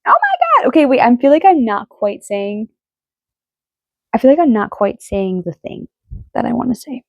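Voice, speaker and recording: A woman giving a casual tarot reading, excitable and emotional, swearing freely as she talks. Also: on the high side, moderate pace, creaky, no room sound, lo-fi sound. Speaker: tarot reader.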